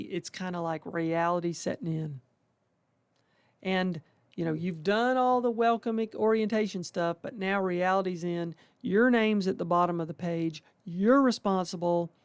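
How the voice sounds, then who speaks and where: Speaking at medium pitch with a slightly mellow quality, this faculty member gives new interns a down-home, conversational welcome. Colloquial exclamations pepper the talk, and now and then the residents' inner thoughts get acted out. There's no room sound.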